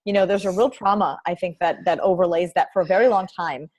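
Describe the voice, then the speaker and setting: A woman's voice: lowish voice, fast, darkish tone. A woman hosting an interview, speaking in a supportive, reflective, conversational way. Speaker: interviewer, host.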